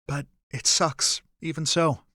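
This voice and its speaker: A man voicing a young human man who talks in a rasping, choked voice. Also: fairly high pitch, steady tone, takes it slowly, bright, forceful tone, no room sound, clean studio sound, exaggerated voice. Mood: strained.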